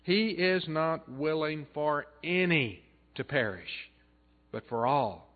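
A man preaching a sermon as pastor, earnest, building up loud and then dropping soft. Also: on the high side, lively intonation, takes it slowly. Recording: tinny phone-like band.

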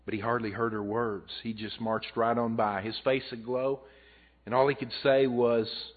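A man's voice: mid-range voice, level tone, normal speed. A male pastor preaching a sermon, telling a story and swelling and dropping his voice for emphasis. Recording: tinny phone-like audio.

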